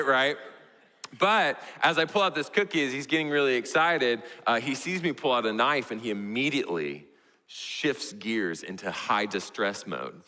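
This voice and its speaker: Young male Texan pastor, bright forceful voice, animated storytelling sermon in a big echoing church. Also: normal speed. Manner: storytelling, animated, voices his toddler in a high squeal. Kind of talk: sermon illustration. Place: church sanctuary. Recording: church hall reverb.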